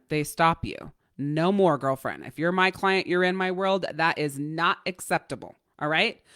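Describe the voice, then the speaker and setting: A woman's voice: fairly low pitch, fairly bright tone, no echo, clean studio sound. Blunt, profane woman life coach. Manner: blunt, profane, emphatic repetition. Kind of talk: motivational coaching talk.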